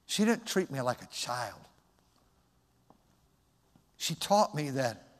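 A man's voice: a little high, very animated, a little slow, long pauses, big-room sound. A male pastor preaching a sermon, telling a personal story in a reflective, folksy way.

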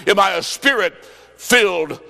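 A man preaching a revival sermon, fervent, with shouted bursts and stories told in quoted dialogue. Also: high-pitched, lively intonation, a little slow, gravelly. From US Midwest. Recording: long reverb of a large hall.

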